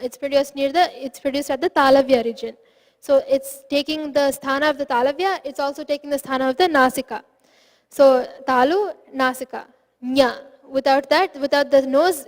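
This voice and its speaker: A woman with a high, light voice gives a patient lesson. She explains each point step by step and sounds out syllables to show how they are made. Her voice rings with a long reverb, as if the room is large and hard-walled. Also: normal speed. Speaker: Sanskrit pronunciation teacher. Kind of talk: online lesson.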